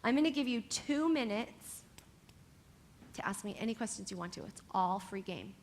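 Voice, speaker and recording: Animated woman coaching young dancers. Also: mid-range voice, moderate pace, a little hiss or hum. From California. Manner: animated and encouraging, talks straight to the students. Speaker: dance workshop teacher. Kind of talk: motivational talk to young dancers.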